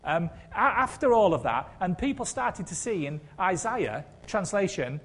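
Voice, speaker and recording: A man's voice: high-pitched, sing-song, unhurried, fairly bright tone. A man preaching a sermon in a conversational way, with wry humour and rhetorical questions.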